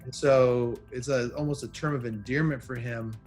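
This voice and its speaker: A man with a mid-range voice joins a casual panel about a TV show and lays out his points carefully, pausing often with ums and uhs. Faint music sits low behind him. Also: steady tone, darkish tone. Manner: measured and thoughtful, many ums and uhs. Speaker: podcast panelist.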